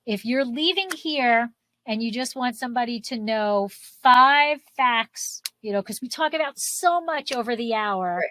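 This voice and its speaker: Slow-talking woman podcast co-host. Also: a little high, expressive, pushed and bright, a little hiss or hum. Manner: unhurried and thoughtful, with fillers. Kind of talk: casual podcast chat.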